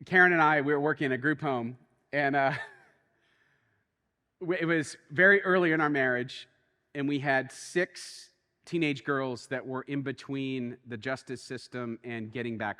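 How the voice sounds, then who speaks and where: A man preaching a sermon as a pastor, telling a story in an animated way that swings between quiet and excited. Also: medium pitch, in a large hall. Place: church.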